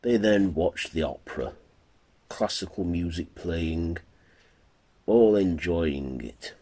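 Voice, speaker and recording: A man narrating an amateur horror fan story in a plain, halting way. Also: low voice, dark tone. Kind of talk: amateur fan-fiction reading.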